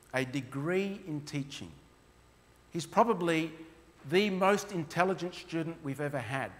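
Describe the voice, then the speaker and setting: A man's voice: a little high, a bit bright. A man telling heartfelt stories while presenting his mission work to a church. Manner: earnest, heartfelt storytelling. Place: church hall. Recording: long reverb of a hall.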